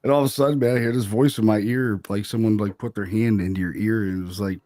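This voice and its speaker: A man's voice: lowish voice, fairly even intonation, quick pace, dark tone, no room sound, studio quality. A man, a paranormal investigator, telling a story in a loose, chatty way, full of "man" and "you know". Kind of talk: casual storytelling.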